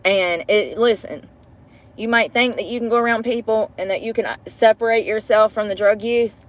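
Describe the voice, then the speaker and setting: A woman's voice: fairly high pitch, moderate pace. A woman vlogging to a phone camera from inside her parked car, chatty and profane, breaking into laughter often. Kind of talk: casual chat to camera.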